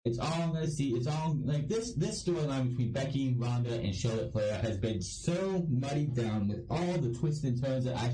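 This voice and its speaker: A blunt man from Ohio rants through a casual wrestling review in a mellow, dark-toned voice. He sounds set back from the mic in an echoey room, with faint noise underneath. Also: medium pitch, distant mic. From Ohio, United States. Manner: blunt, ranting, swears freely.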